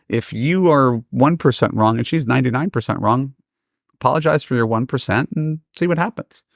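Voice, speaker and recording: A middle-aged man hosting a podcast, telling stories and giving advice in a lively, casual way and acting out the people he quotes. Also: on the low side, creaky, no room sound, studio quality. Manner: animated, acts out quoted voices. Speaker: podcast host and dating coach. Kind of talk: casual storytelling advice talk.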